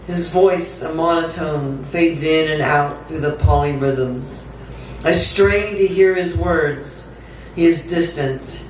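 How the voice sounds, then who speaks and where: A woman poet giving a live reading with a slow, incantatory delivery, repeating words for effect. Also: low voice, fairly even intonation. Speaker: featured poet. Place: theatre stage. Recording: echoey theatre, distant mic, faint hum.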